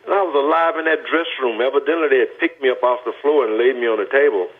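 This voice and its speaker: An older man from Texas, telling his personal testimony as a guest in an earnest, deliberate, emphatic way over a phone line. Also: mid-range voice.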